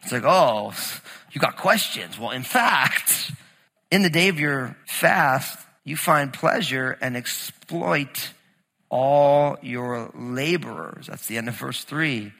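Animated New pastor preaching in a hall. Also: male voice, mid-range voice, slow, creaky. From New Jersey. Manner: animated, storytelling, shifts between quiet scripture reading and emphatic teaching. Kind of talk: sermon.

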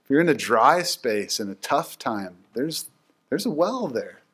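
A man giving casual Bible teaching, telling stories in an animated, chatty way full of fillers. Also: mid-range voice, measured pace, husky.

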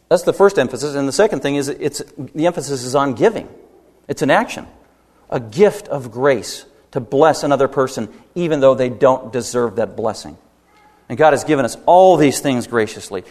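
A man preaching a sermon as pastor, emphatic, rising to loud peaks and dropping low, with rhetorical questions to the congregation. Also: expressive, moderate pace. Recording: long hall reverb.

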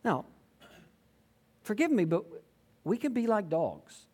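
Animated male pastor preaching. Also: high-pitched, slow pace, slightly rough. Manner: conversational, animated preaching with acted-out quotes. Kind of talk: sermon.

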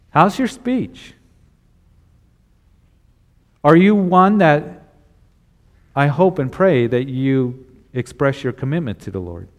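A middle-aged male pastor preaching a sermon, asking a string of rhetorical questions and acting out the voices he quotes. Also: medium pitch.

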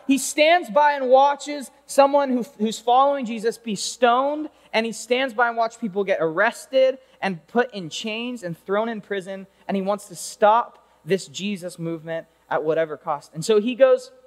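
A man preaching a lively, conversational sermon, telling a Bible story and throwing rhetorical questions at his listeners. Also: very high voice, normal speed, few pauses, big-room sound.

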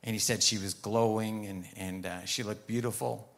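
A man's voice: lowish voice, steady tone, normal speed, vocal fry. A man preaching a sermon, telling a story and retelling conversations as he goes, then turning firm and emphatic on commands.

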